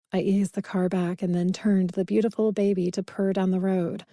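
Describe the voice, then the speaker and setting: A woman narrating a first-person romance audiobook in an expressive, conversational way. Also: mid-range voice, normal speed, few pauses, no room sound, studio quality.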